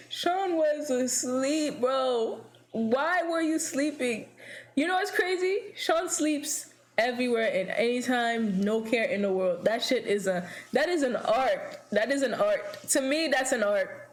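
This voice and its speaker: A young woman streamer telling a story in casual chat, animated and blunt, swearing and laughing often. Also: a little high, a little slow.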